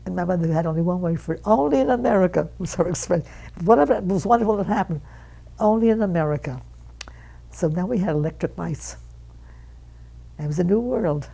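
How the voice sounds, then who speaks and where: 100 yr old lady telling family stories, gravelly and dark, does the voices of her relatives. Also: lowish voice, fast, poor audio. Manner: animated storyteller who acts out quoted relatives. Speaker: interviewee. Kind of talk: reminiscing storytelling.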